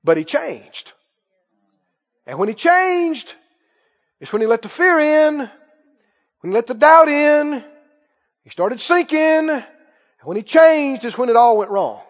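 A man preaching a sermon, emphatic, repeating key phrases, with quick asides and laughs. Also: very high-pitched, sing-song. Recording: muffled reverberant hall recording.

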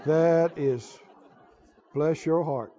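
Deep, drawling, mock-impressed God, put on by a male preacher; dull lo-fi sound. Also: drawn-out words, mellow, a faint crowd, slight background noise. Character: God marveling at crying, amused old male spirit. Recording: dull lo-fi recording.

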